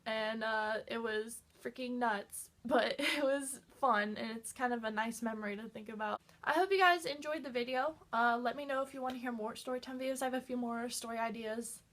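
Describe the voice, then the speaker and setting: High-voiced excitable woman telling a story. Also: fairly quick, few pauses. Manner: excitable, fills talk with "like". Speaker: vlogger. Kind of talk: casual storytime chat.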